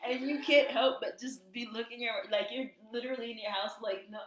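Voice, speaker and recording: A woman co-hosting a casual podcast, telling gossip and acting out quotes in high voices. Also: steady tone, a little fast, a bit bright. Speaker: podcast co-host. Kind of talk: casual chat. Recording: echoey room.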